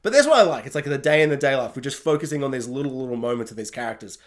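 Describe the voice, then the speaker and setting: Chatty, animated man reviewing a show. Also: medium pitch, racing. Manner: animated, chatty, laughs often, many fillers. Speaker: YouTube TV reviewer. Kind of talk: casual spoken review.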